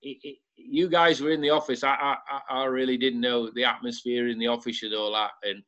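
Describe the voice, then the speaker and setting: A man's voice: mid-range voice, little pitch movement, fairly quick, bright, forceful tone. A man, a former football club director, telling a casual anecdote and laughing as he goes. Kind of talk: casual storytelling. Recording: dull lo-fi sound.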